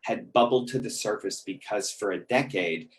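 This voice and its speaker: A man's voice: on the low side, moderate pace, low-quality recording. Candid middle-aged man telling his story. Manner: candid and conversational, with frequent ums and restarts; emotional, chokes up at moments. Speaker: speaker sharing his recovery story. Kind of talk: personal storytelling.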